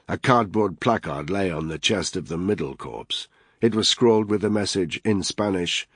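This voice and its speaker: A male audiobook narrator reading a thriller in a steady, grave manner. His voice sits very low with a husky edge. The recording is dry and close to the mic. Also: no echo.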